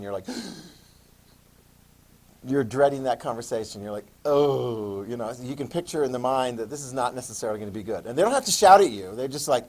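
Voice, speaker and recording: A man giving a classroom history lecture, animated and playful, acting out quotes in a classroom. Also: medium pitch, a little fast. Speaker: history teacher.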